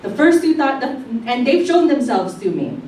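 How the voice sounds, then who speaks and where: A woman from the Philippines whose first language is Tagalog, doing a brash, profane, animated stand-up comedy set on a club stage. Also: high voice, normal speed. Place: comedy club stage before a live audience. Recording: echoey room, distant mic, faint background noise.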